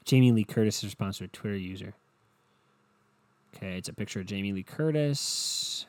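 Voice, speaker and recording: A man's voice: lowish voice, normal speed, long pauses, darkish tone. A young man hosting a solo podcast, rambling in a profane, sarcastic, offhand way. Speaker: podcast host. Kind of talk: casual solo podcast rant.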